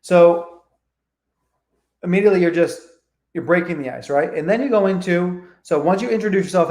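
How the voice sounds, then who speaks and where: Man, high voice, energetic coach, swears, acts out calls, echoey room. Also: normal speed. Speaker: real estate coach. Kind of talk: live online training.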